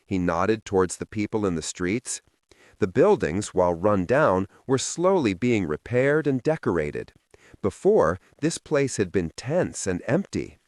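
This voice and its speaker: A man narrating a fantasy novel in the first person, in a soft, measured and emotive way. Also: on the low side, big pitch swings, no echo, clean studio sound. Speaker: audiobook narrator.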